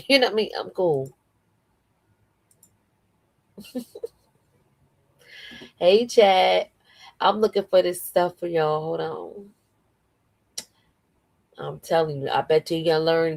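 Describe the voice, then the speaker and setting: Low-voiced woman chatting dryly. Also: slow, long pauses, dry recording. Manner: laughs often, slangy and expressive. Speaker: podcast co-host, livestreamer. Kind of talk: casual chat.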